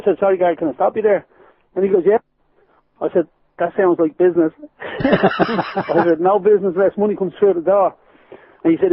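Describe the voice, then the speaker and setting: Irish man, quick talker, higher voice, tinny dry phone sound. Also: slightly rough, no echo. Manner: animated storyteller, laughs while telling anecdotes. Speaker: guest. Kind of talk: phone-in radio interview.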